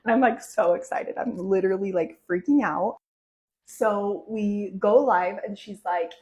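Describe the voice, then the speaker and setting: A young woman in her twenties, talking straight to camera in a relaxed storytime way. Her voice sits at an ordinary middle height for a woman, and she peppers every sentence with "like." She jumps up in pitch and energy whenever she gets excited. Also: measured pace, low-quality recording. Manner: chatty, heavy use of "like" fillers, animated swings when excited. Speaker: vlogger telling a personal story.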